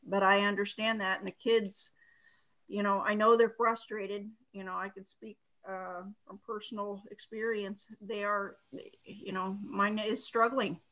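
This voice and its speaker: A woman speaking as a school board member and parent, with a bright, crisp tone. She talks in a sympathetic, measured way. Her pitch is in an ordinary middle range. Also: flat delivery, low-quality recording. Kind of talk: comments at a board meeting.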